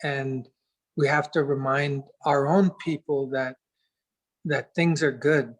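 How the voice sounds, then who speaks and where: As an interview guest, a man tells a reflective story, earnest and unhurried, pausing to search for words. His voice has a medium pitch and a steady tone. The audio quality is poor.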